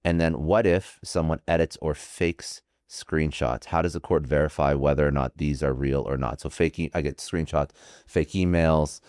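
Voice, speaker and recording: A man hosting a podcast interview, asking questions in a measured way. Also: extremely low pitch, steady tone, a little mellow, dry recording, clean studio sound. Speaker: podcast host.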